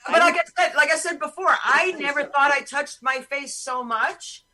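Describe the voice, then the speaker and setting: A woman's voice: high-pitched, moderate pace, sharp tone, low-quality recording. A woman hosting a podcast over a video call, talking in a blunt, profane, ranting way. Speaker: podcast host. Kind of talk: casual chat on a video call.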